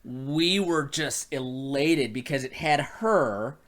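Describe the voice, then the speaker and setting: A man's voice: medium pitch, slow. A man working as a private investigator, telling a long story in casual chat and acting out the dialogue, with many restarts. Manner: animated, acts out quoted dialogue with many restarts.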